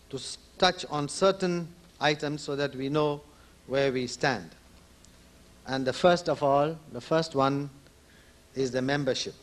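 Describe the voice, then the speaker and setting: A man addressing devotees at a conference as an organization leader, speaking earnestly and repeating key points for emphasis. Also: on the high side. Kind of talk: conference speech. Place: conference hall.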